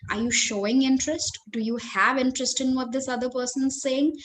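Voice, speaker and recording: A woman's voice: high-pitched, brisk, slight background noise. A woman with an Indian English accent leading a live online training webinar, speaking expressively and addressing her audience directly. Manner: expressive, varies tone and stress, engages the audience directly. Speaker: corporate trainer.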